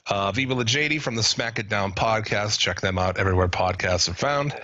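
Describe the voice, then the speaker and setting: A man co-hosting a podcast, chatting casually, swearing and laughing as he reads out listener shout-outs. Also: lowish voice, fairly quick, no echo, lo-fi sound. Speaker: podcast co-host.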